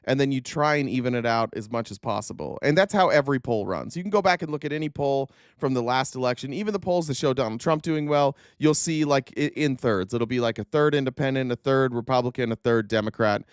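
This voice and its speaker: A man's voice: medium pitch, quick pace, few pauses, smooth, no room sound, studio quality. A man giving blunt, sarcastic political commentary on a live stream, swearing freely and restarting his sentences often. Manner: rambling with frequent restarts and laughs.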